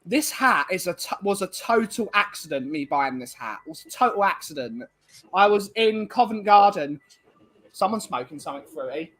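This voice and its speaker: Rambling high-voiced male co-host. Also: expressive, normal speed, a bit bright. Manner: rambling, many fillers and restarts. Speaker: livestream co-host. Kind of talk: casual chat, reading viewer comments.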